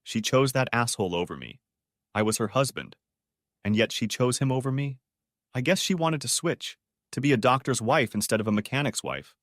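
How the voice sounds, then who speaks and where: A man's voice: medium pitch, animated, brisk, dry recording, clean studio sound, close to an everyday voice. A man voicing a bitter, heartbroken mechanic who rants in an audiobook story. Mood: angry. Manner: bitter, ranting.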